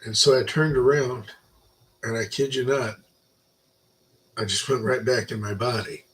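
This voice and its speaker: An older man giving an informal Bible lecture, rambling through personal stories and swinging between loud emphasis and quiet asides. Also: mid-range voice, steady tone, measured pace, poor audio. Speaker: Bible teacher.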